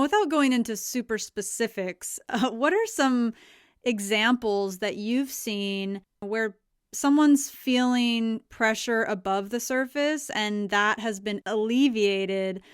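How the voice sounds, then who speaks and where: A woman hosting a podcast, asking long, thoughtful questions in a measured way. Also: medium pitch, smooth, dry recording, studio quality. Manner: measured, thoughtful phrasing with fillers. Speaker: podcast host. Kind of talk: interview questions.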